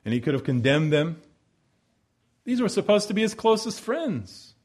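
Male preacher, lively sermon delivery, dramatic pauses, drops to near whisper. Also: high voice.

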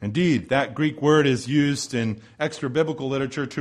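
A man preaching an expository sermon, moving between forceful emphasis and hushed, slow pauses. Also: mid-range voice, expressive. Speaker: pastor.

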